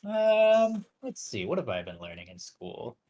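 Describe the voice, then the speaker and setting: A man's voice: on the high side, wildly swooping pitch, measured pace, dark tone. A young man, a university student, chatting casually with dry humor. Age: young adult. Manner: wry, dry-humored, laughs often. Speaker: university student, guest on stream. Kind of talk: casual chat.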